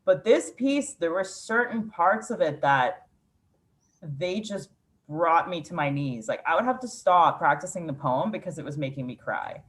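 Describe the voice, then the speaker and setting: A woman's voice: on the low side, lively intonation, moderate pace, a bit bright, a little hiss or hum. A woman poet from Ukraine, telling a candid, reflective story in a casual interview, with frequent "like" fillers.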